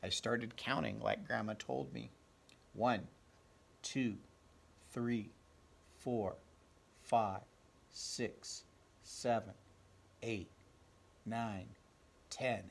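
A man reading a children's picture book aloud, counting slowly and asking the listeners questions. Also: lowish voice, fairly even intonation. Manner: clears throat, asks listeners direct questions, counts slowly. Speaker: storybook reader.

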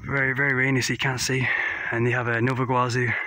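A man from England vlogging his travels with excitement, sprinkling broken Portuguese and Spanish words into his English, outdoors in the rain. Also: medium pitch, quick pace, low-quality recording. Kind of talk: casual travel vlog. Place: outdoors in rainy countryside.

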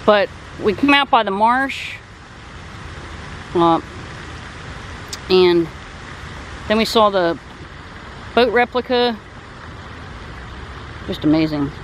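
A middle-aged woman talking casually to her phone camera while walking through a park by a pond, chatty and excitable, with many asides. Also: takes it slowly, long pauses, poor audio. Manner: chatty, excitable, rambling, with high sing-song baby talk to her parrot. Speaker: vlogger. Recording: faint outdoor noise.

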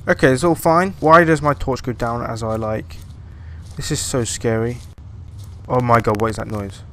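A young man doing horror-game commentary at an ordinary, middle pitch. He sounds jumpy and panicky, often breaking into loud bursts of alarm, and he hums sing-song tunes to himself to stay calm. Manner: sing-song humming to calm his nerves. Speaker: gaming YouTuber.

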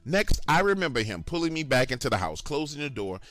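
A man's voice: mid-range voice, sing-song, fast, a bit bright, no echo. A man telling a first-person horror story in a casual, conversational way, talking straight to the listeners.

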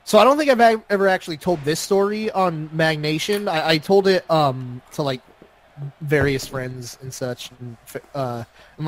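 A young man co-hosting a casual chat, rambling through a story with many fillers. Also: a little high. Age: young adult. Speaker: podcast co-host.

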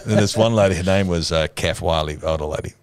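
An older Australian man with a very deep voice tells a rambling, funny story at an easy pace, and he often breaks into laughter. The sound is dry and close, with almost no room in it. He is a pastor co-hosting a casual chat show. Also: fast talker, dry recording.

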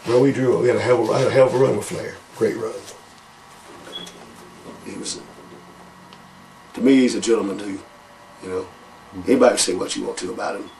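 A man's voice: on the low side, fairly quick, creaky, long pauses, far from the mic, a little hiss or hum, poor audio. An older man, telling profane wrestling stories in a casual interview and calling people brother. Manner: profane, animated, calls people brother, laughs often. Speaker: interview guest, former wrestler.

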